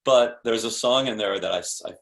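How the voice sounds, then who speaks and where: A man's voice: lowish voice, brisk, gravelly. A man speaking as a sales expert guest in a podcast interview, explaining in an emphatic, punchy coaching tone with rhetorical questions.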